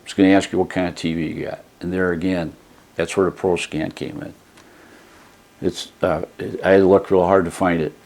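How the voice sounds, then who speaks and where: A man's voice: low voice, little pitch movement, a little fast, vocal fry, a little mellow. A man telling a casual, rambling story in a folksy manner while reviewing a product he bought. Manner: rambling folksy storytelling, retelling a phone call.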